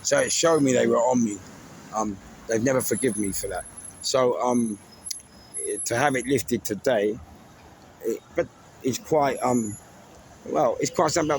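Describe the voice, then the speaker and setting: A London-accented man with a medium-pitched voice rambles casually through stories about his own life, taking his time, pausing often and laughing at his own jokes. Traffic noise fills the background of the recording.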